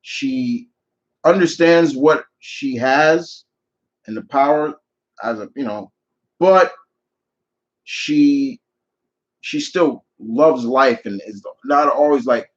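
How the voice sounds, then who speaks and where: A man answers viewer questions on a live stream, chatty and opinionated. He circles back and restarts his sentences as he talks things through. His mid-pitched voice comes through slightly muffled, lo-fi audio. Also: takes it slowly, pauses often. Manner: opinionated, rambling with frequent restarts. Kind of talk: live Q&A chat.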